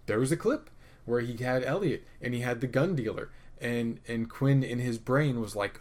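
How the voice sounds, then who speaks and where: A man casually recapping a TV episode, opinionated and profane, rambling with restarts and swinging between loud rants and muttered asides. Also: mid-range voice, lively intonation, moderate pace. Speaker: podcast host reviewing a TV episode.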